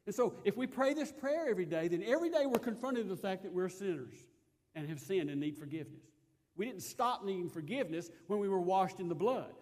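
A man preaching a sermon in an earnest way, rising to loud emphasis and dropping to soft asides. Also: sits high, animated, brisk. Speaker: pastor.

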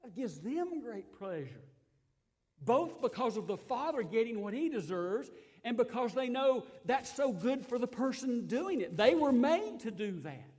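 A man preaching a sermon, emphatic and given to repeating his phrases, dropping to quiet asides and then rising again. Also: very high-pitched, sing-song, unhurried, husky.

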